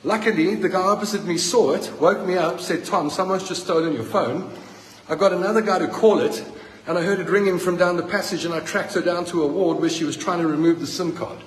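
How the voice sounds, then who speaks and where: This is an angry phone video from a middle-aged South African man, a patient venting in a hospital ward with the phone in his hand. His high voice moves fairly quickly through roomy, big-room acoustics, and the poor audio has slight background noise. The tone is indignant, accusing and fired up, in South African English.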